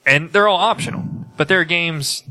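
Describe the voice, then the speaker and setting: A man's voice: fairly high pitch, normal speed, bright, forceful tone, no room sound. A man co-hosting a casual podcast, explaining at length and often restarting his sentences. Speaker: podcast co-host.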